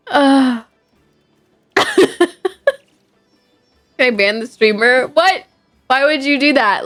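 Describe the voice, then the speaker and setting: A woman's voice: on the high side, fairly bright tone. A woman streamer, chatting playfully with her viewers, teasing and laughing a lot. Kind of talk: casual live-stream chat while gaming. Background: faint game music.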